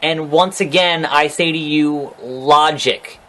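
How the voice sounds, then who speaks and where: A man's voice: on the high side, slow pace, sharp tone. A man casually recapping a wrestling show on his own, ranting, profane and sarcastic. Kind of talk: casual solo recap vlog.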